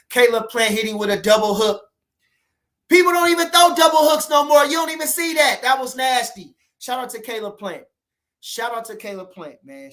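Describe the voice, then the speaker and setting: A man's voice: on the high side, fairly bright tone. A man hosting a casual boxing livestream, talking loosely and animatedly, full of "you know what I'm saying" asides. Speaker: boxing channel host.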